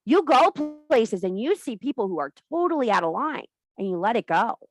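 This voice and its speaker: A woman's voice: a little high, big pitch swings, brisk, no echo, soft background music. A woman giving an impassioned, blunt and profane talk to a women's circle as a spiritual teacher. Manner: blunt, profane, emphatic preaching.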